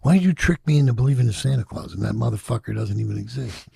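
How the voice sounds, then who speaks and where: An expressive, rapid-fire older man from Chicago recounts his past candidly in an interview, full of profanity and acted-out voices of people he quotes. Reflective in manner, he has a dark, mellow, deeply gravelly and husky voice, recorded close and dry with no echo or surrounding room.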